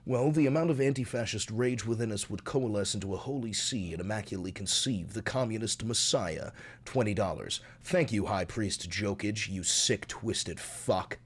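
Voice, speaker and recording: A man ranting loudly and profanely while chatting on a live stream. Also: on the low side, moderate pace, breathy edge. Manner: loud, animated, profane, ranting.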